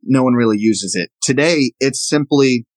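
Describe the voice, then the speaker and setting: A man's voice: mid-range voice, normal speed, no room sound, rough recording. A man from the American South, a knife maker guest, explaining and showing his work in a casual interview. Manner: explanatory, demonstrating objects as he talks.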